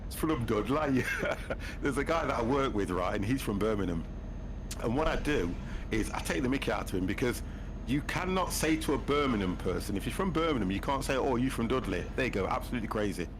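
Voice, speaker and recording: A man's voice: mid-range voice, lively intonation, brisk. A man in his fifties chatting casually as host of a gaming stream, teasing and laughing often. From United Kingdom. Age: 50s. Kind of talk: casual chat while gaming. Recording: noisy game-stream audio.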